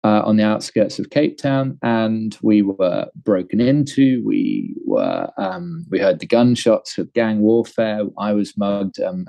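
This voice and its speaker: English guy in his thirties, rambling storyteller, lowish mellow voice. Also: gravelly, no echo, rough recording. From England. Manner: rambling, many fillers and restarts. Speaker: guest. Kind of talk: conversational storytelling.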